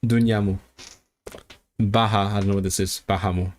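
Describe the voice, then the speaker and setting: A man's voice: on the low side, little pitch movement, normal speed, slight background noise. A man studying a language on a livestream, thinking aloud and repeating foreign words to practice them. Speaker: language learner streaming. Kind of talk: casual self-study livestream.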